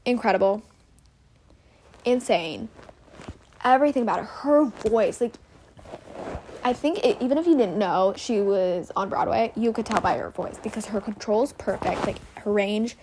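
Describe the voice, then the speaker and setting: Gushing young woman podcaster, slightly high voice. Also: a little mellow. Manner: gushing, rambling, many "like" fillers and self-corrections. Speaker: podcast host. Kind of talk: casual solo podcast chat.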